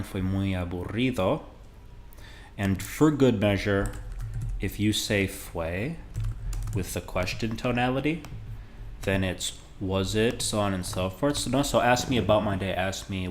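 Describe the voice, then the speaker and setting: A man teaching Spanish in a relaxed, conversational video lesson, modeling phrases slowly for beginners. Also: fairly low pitch, a little hiss or hum.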